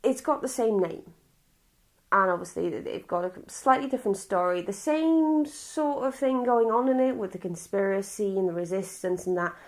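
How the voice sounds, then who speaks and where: A woman from Wales with a Welsh accent, casually reviewing a film in a chatty, rambling, blunt way. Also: mid-range voice. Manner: rambling, chatty and blunt, with frequent restarts and swearing.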